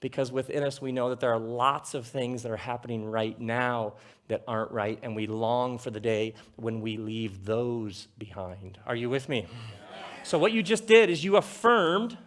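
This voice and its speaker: A middle-aged man giving a live talk on a theater stage, conversational and jokey, with rhetorical questions and dramatic pauses. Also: medium pitch, a bit bright. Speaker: speaker addressing a live audience.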